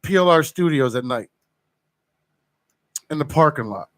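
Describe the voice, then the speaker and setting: A man's voice: fairly high pitch, expressive, measured pace, no room sound. A man co-hosting a radio show, telling a story in a casual, profane, self-mocking way. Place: radio studio.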